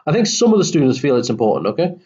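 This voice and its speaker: A man's voice: a little high, very animated, very fast, darkish tone, lo-fi sound. A man walking students through a textbook English lesson in a casual way, with many fillers and self-corrections. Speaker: English teacher. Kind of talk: recorded textbook lesson walkthrough.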